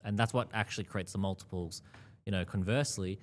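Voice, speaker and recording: A man's voice: low-pitched, fast, slight background noise. A man being interviewed as an investor, talking casually, filling his speech with "yeah, yeah" and "you know" and laughing often. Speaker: investor guest.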